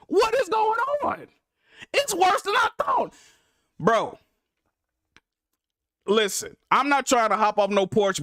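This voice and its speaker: A young man streaming live about games, ranting in an exasperated, profane way with big swings between loud outbursts and mutters. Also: very high voice, no echo, studio quality. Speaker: gaming streamer.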